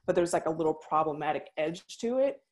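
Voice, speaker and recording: A young woman with a low voice talks through her thoughts in a relaxed, reflective way. She laughs readily as she chats. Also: quick pace. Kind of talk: casual conversation.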